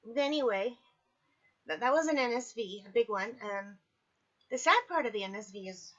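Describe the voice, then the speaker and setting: Woman vlogger, fairly high voice, chatty and candid, recovering and sore, dull lo-fi home audio. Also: expressive, normal speed, long pauses, fairly bright tone. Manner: chatty, candid, apologetic asides. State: recovering from surgery, in pain. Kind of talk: casual personal video diary. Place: at home, indoors.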